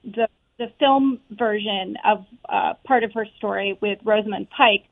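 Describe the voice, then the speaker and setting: A woman's voice: mid-range voice, measured pace, vocal fry, no echo. A woman who is a stage actress, talking earnestly and chattily with lots of fillers as an interview guest, over a tinny phone-like line. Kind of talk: casual interview chat.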